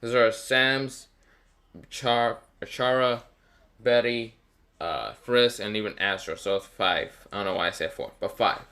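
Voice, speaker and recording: A man's voice: medium pitch, unhurried, pushed and bright. A man narrating an improvised fan story, rambling with lots of fillers and self-corrections.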